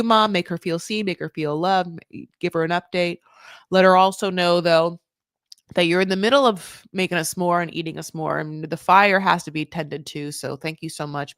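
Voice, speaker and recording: A woman hosting a casual recap podcast, animated and sarcastic, swinging between loud outbursts and muttered asides. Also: on the low side, no room sound, studio quality. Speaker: podcast host.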